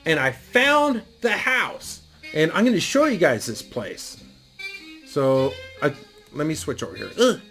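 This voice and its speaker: A man's voice: on the high side, sing-song, unhurried, fairly bright tone, faint music behind. A middle-aged man telling a story in a casual monologue, rambling and profane, with lots of fillers. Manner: rambling, profane, laid-back delivery with frequent fillers. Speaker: YouTube storyteller.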